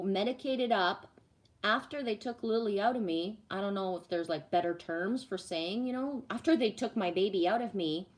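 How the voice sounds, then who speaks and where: A woman reading cards on a live stream, chatting casually, swearing freely and answering viewer comments. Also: mid-range voice. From Canada. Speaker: livestream card reader.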